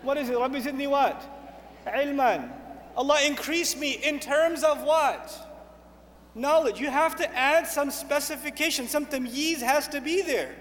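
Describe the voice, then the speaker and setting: A man preaching with energy and emphasis, driving points home through repetition and recited Arabic verses. His voice sits very high for a man. It rings out in a hall with a long reverb tail. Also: measured pace, a bit bright, slight background noise. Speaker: Islamic speaker. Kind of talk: sermon. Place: lecture hall with an audience.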